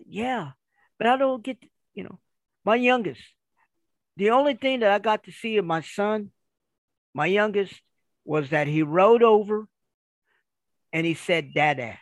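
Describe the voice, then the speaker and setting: A middle-aged man from Kansas City, a retired wrestler, telling stories from his life in a casual, animated way and acting out the people he quotes. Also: sits high, measured pace, pauses often, dry recording. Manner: animated, acts out quoted dialogue. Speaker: retired pro wrestler, guest. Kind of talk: casual storytelling.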